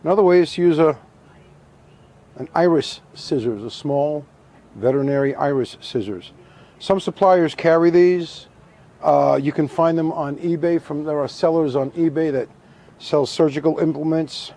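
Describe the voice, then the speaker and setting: A middle-aged man teaching a hands-on craft, talking through each step in a calm, methodical way and repeating the key points. His voice is mellow and dark, with a dry, understated humor. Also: on the high side, moderate pace. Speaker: taxidermy instructor. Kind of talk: hands-on demonstration.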